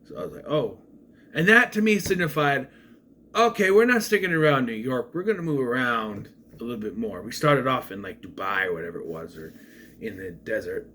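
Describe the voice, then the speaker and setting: A man's voice: medium pitch, lively intonation, fairly quick, sharp tone, slight background noise. A man giving a casual, rambling spoken film review, with frequent restarts and asides. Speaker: movie reviewer.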